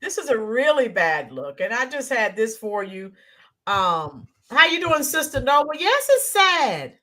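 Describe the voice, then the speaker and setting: A woman co-hosting a casual political commentary livestream, animated, reading out viewer comments and greeting them by name. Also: on the high side, measured pace.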